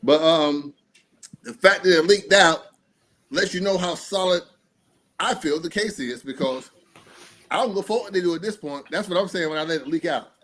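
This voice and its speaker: A man hosting a casual streamed talk show, speaking in an animated, profane way and acting out quotes. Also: fairly high pitch, moderate pace, long pauses. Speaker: podcast host.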